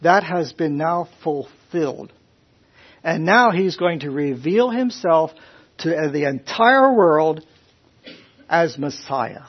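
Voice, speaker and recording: A man preaching a conversational sermon to a Bible class, questioning his listeners in a folksy, animated way. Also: a little high, slow pace, breathy edge. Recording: dull lo-fi recording.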